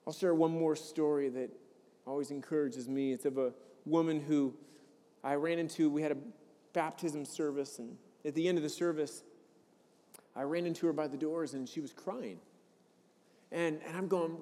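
A man preaching a sermon in a conversational, earnest way, often stumbling over and repeating a word as he restarts. His voice sits a bit high for a man but sounds mellow and warm. The sound carries a long reverb, as in a large church hall. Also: fairly even intonation, moderate pace. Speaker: pastor. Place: church sanctuary.

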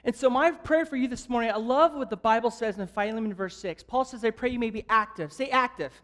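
A man preaching a sermon as an evangelist, telling a jokey story in an animated way and asking the crowd questions. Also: extremely high pitch, fast talker. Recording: long hall reverb.

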